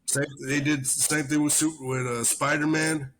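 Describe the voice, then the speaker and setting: A man's voice: fairly high pitch, little pitch movement, moderate pace, a bit bright, slight background noise. A man hosting a podcast in casual chat, rambling and swearing constantly as he tells stories. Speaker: podcast host, army veteran.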